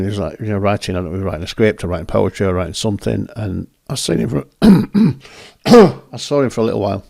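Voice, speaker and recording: Chatty man, low voice. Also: vocal fry, darkish tone, dry recording, studio quality. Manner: rambling, self-correcting, chatty. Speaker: photographer and host. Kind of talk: casual commentary over photos.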